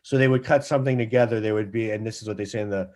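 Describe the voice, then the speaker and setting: A male guest author on a talk show, telling a long anecdote in a rambling, lively way. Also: fairly low pitch, very fast. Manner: rambling, lively storyteller who acts out quotes.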